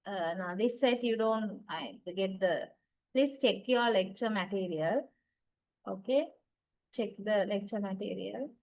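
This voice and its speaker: A woman's voice: medium pitch, a little slow, low-quality recording. A woman lecturer with a Sri Lankan English accent, giving a recorded linguistics lecture and often checking in with "okay" and "right". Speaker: university lecturer.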